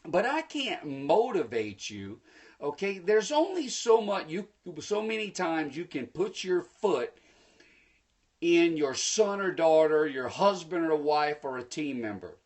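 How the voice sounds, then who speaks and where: A man giving a live-streamed motivational talk, preachy and energetic, speaking to viewers through a phone. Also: fairly high pitch, measured pace. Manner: energetic, preachy, bursts into excited shouts; folksy, addresses viewers directly. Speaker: motivational speaker hosting a livestream.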